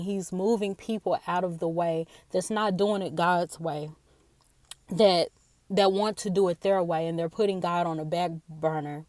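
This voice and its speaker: A woman giving a personal devotional talk, earnest and halting, often repeating her words, tearful after a day of crying. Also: lowish voice, steady tone, darkish tone, dry recording. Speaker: faith speaker.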